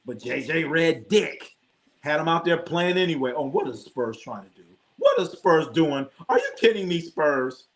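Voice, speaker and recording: His voice is fairly high with huge swings in pitch, at a normal speed, as this man hosts a live sports stream. He rambles, swears casually, reacts to scores, addresses his chat, and relates jokey anecdotes.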